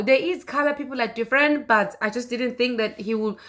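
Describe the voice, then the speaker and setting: Bright-voiced woman telling an emotional story. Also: a little high, fairly even intonation. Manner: earnest, repeats herself, pauses with fillers. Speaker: vlogger. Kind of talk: emotional personal story to camera.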